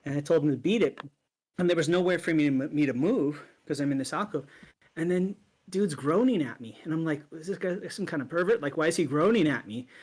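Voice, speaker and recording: A man in a casual chat, telling a story and acting out the quotes with lively energy. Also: fairly high pitch, brisk, slightly rough.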